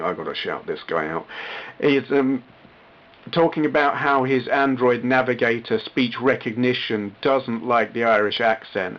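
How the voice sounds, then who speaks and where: A man's voice: lowish voice, lo-fi sound. A man talking casually to camera in his own vlog, rambling and self-deprecating, often restarting his sentences. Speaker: retro gaming YouTuber.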